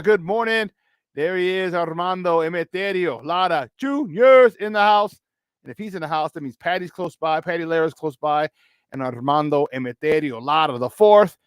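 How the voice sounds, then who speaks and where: A man with a Chicago accent hosting a morning sports talk show, loose and joking as he gives hyped shout-outs to listeners. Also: on the high side, no room sound, clean studio sound. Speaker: sports talk radio host.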